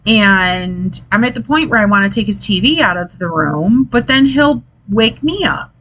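A woman's expressive, medium-pitched voice comes at normal speed, pushed and bright, on a rough recording. She hosts a casual podcast as a mother, chatting in an exasperated monologue with occasional swearing, and she bumps her desk mic while gesturing.

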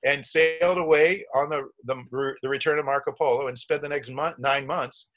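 A man's voice: mid-range voice, fairly even intonation, normal speed, fairly bright tone. Rambling middle-aged man telling a story. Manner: rambling, many restarts, acts out quoted voices. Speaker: guest telling a travel story. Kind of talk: casual storytelling.

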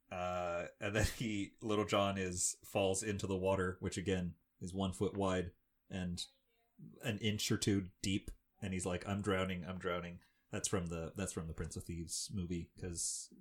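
Deep-voiced man, rambling podcast chat. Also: husky. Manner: rambling, with many fillers and restarts. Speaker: podcast co-host. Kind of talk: casual chat recapping a film.

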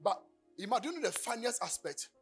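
A man with a Ghanaian accent preaching a sermon. He shouts at the peaks and drops to low storytelling. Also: big pitch swings, normal speed, breathy edge, soft background music. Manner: fiery, shouting at the peak then dropping to low storytelling. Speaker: pastor.

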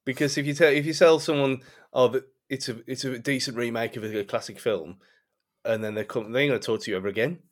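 A man's voice: mid-range voice, fast. Male co-host, chatty, laughs a lot, casual review chat. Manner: laughs often, loose and chatty. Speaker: podcast co-host.

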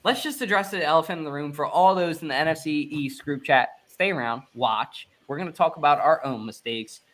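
A man in his twenties hosting a casual sports podcast, talking with excitable, hyped fan energy. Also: a little high, fairly quick. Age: 20s. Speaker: podcast host.

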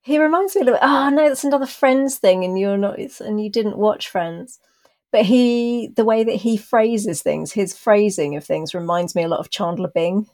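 A woman's voice: mid-range voice, moderate pace, a little mellow. Dry-humored woman podcast co-host. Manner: dry, self-deprecating humor; thoughtful, explains her views at length. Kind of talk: casual chat reviewing a TV episode.

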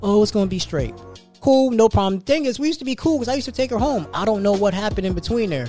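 A male podcast host telling a story in casual chat, animated and laughing, acting out the quotes. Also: extremely high pitch, fast talker, faint music behind.

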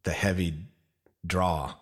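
A man with a deep, low voice hosts a relaxed podcast conversation. He asks curious, easygoing questions and drifts into his own anecdotes. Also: slow. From outside New York. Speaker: podcast host. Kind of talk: casual interview chat.

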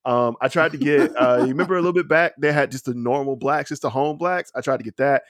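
A man's voice: mid-range voice, no room sound, clean studio sound. A man as a podcast guest in casual sports chat, telling a story with sarcasm. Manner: sarcastic, fast storytelling with laughs.

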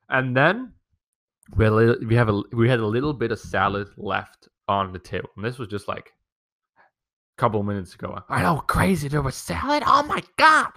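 A man's voice: medium pitch, big pitch swings, moderate pace, sharp tone. A young man hosting a casual podcast from home, rambling through a profane, complaining story about his family. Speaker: podcast host. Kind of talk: casual rant.

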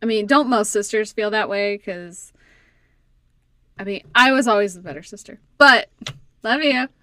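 A woman's voice: mid-range voice, normal speed, pushed and bright, dry recording. A woman co-hosting a podcast, reading a true crime story with teasing, profane banter and frequent laughs. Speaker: podcast co-host.

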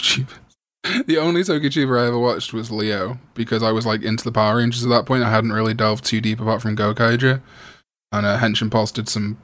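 A man's voice: mid-range voice, a bit bright, no room sound. A man with a Welsh accent, hosting a casual podcast chat and joking with his guests. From Wales. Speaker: podcast host.

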